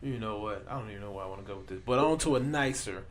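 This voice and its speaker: A man's voice: fairly low pitch, rapid-fire, crowd noise. A man hosting a podcast in casual chat, telling stories loosely with slang and asides. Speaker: podcast host.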